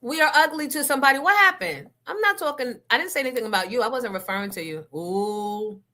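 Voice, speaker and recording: Female host, confrontational profane rant, bright tense tone. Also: sits high, fast. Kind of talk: casual rant to listeners.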